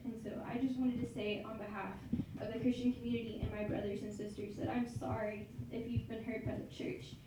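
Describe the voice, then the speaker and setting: A woman's voice: a little high, level tone, fairly quick. Sincere woman speaking in a very echoey room. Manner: sincere, apologetic. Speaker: church member speaking to the group. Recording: echoey, distant, noisy room recording.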